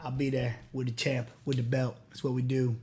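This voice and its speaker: Deadpan joking man co-host. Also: mid-range voice, fairly quick. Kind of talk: casual podcast banter.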